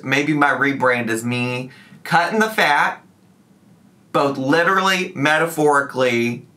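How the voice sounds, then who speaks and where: A man talking casually to his camera in a vlog, chatty and animated, now and then slipping into a joking southern twang. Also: mid-range voice. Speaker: YouTuber.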